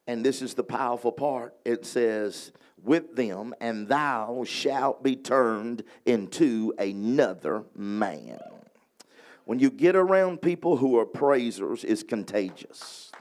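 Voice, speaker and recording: A man's voice: mid-range voice, expressive, a little mellow. A man with a Louisiana accent, an evangelist preaching a revival sermon to a congregation and drawing call-and-response from them. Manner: reads scripture slowly, prays with rising intensity. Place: revival hall before a congregation.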